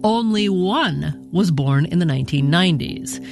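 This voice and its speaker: A woman hosting a radio program, narrating a scripted news segment in a measured, deliberate way. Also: lowish voice, lively intonation, creaky. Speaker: radio host. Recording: music bed behind voice.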